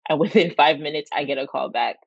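A woman talks through a sincere tribute on a podcast, rambling and full of fillers. Her voice has a gravelly fry, and the sound is dry and close. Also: low voice, quick pace, no room sound, highs cut off. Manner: earnest, rambling, many fillers. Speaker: podcast co-host. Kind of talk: heartfelt casual tribute.

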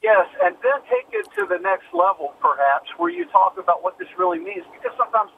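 A man's voice: extremely high pitch, huge pitch swings, brisk, creaky. A man calling in to a radio show, talking hesitantly with many fillers and an admiring tone. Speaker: radio caller. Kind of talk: call-in conversation. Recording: tinny phone line with faint hiss.

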